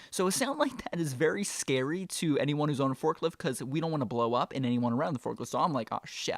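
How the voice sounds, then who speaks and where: A man's voice: on the high side, dry recording. A man casually telling a rambling work story, swearing freely and fighting off laughter. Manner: profane, rambling, chuckling.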